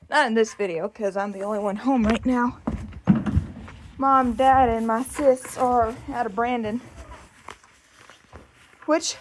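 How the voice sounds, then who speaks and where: A woman's voice: on the high side, slight background noise. A young woman chatting casually outdoors on a ranch while doing chores, rambling and joking about herself into a handheld phone. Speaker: ranch vlogger.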